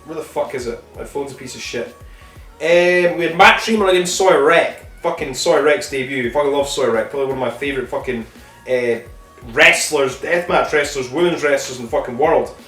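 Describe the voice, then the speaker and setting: A man hosting a wrestling review podcast, recapping matches in a casual, rambling way and swearing constantly, often pausing on ums and correcting himself. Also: medium pitch, a bit bright. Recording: echoey room, distant mic, faint music.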